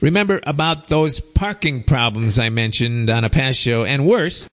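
A man's voice: medium pitch, animated, normal speed, fairly bright tone. A man hosting his own show, talking in a sarcastic, rambling, opinionated monologue. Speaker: show host.

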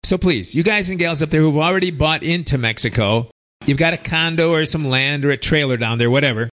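A man's voice: fairly high pitch, a little fast, a bit bright. A man hosting his own show, talking in a sarcastic, rambling, opinionated monologue. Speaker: show host.

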